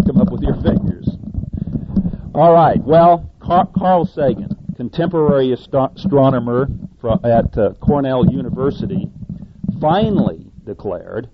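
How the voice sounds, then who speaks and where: A man's voice: medium pitch, animated, unhurried, highs cut off, heavy background noise. A man preaching a sermon in a folksy, conversational way, often stumbling over words and correcting himself.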